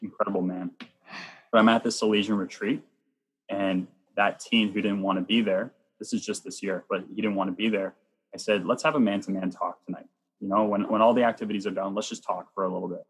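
A man who works as a Catholic youth minister, telling personal stories earnestly in a chatty way, sometimes rushing with excitement. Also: on the low side, breathy edge, low-quality recording. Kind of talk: personal storytelling in an interview.

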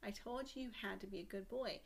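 A woman's voice: mid-range voice, quick pace, gravelly, husky. A woman doing a stern fairy godmother. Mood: scolding.

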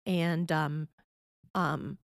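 A woman's voice: deep voice, steady tone, extremely slow, vocal fry, no room sound, clean studio sound. Patient middle-aged woman explaining parenting advice. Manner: patient, explanatory, checks in with "okay?". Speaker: parenting guest expert. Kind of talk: conversational advice interview.

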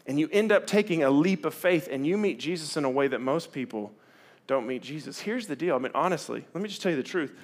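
A middle-aged man, preaching a sermon in a candid, conversational way that swings from loud to hushed. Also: a little high, expressive, a little fast. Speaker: pastor.

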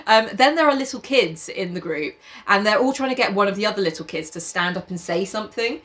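A woman's voice: mid-range voice, lively intonation, fast, a bit bright. A woman co-hosting a casual podcast, reading a novel aloud in bits and breaking off to swear, joke and laugh. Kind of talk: casual chat with read-aloud passages.

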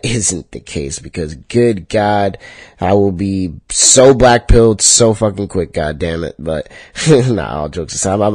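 A man with a lowish voice delivers a solo podcast monologue, cursing freely and ranting with rising heat. His voice jumps up high and loud whenever he gets worked up. The sound is dry and close, with no room around it. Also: no echo. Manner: profane, heated ranting that spikes high and loud. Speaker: podcast host.

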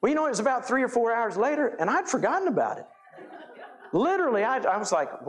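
Standing at the pulpit of a church sanctuary, a quick-paced pastor threads homespun ranch stories through his sermon. For a man, his pitch runs a little high. Whenever he recounts a scene, he turns animated and lively, acting it out.

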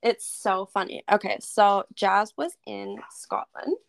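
A young woman co-hosting a podcast over a remote call, animated and swearing freely in casual chat. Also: mid-range voice, slow pace, creaky, dry recording. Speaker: podcast co-host.

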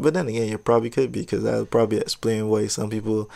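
A man's voice: fairly low pitch, fairly even intonation, quick pace, vocal fry, hardly any pauses, warm tone. A young man casually telling a personal story, rambling and drifting into side tangents. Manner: rambling, digressive, laid-back.

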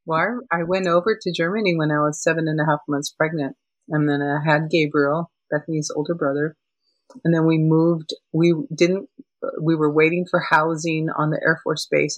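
Older woman guest, animated storyteller, mid pitch, dry sound. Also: no room sound, poor audio. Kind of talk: casual chat.

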